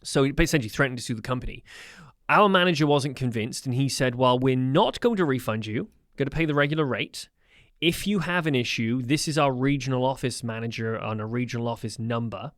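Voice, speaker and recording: A man's voice: mid-range voice, a little fast, a bit bright, no echo. Podcast co-host, man, self-deprecating storyteller, weary, dry close mic. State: tired. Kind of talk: casual chat.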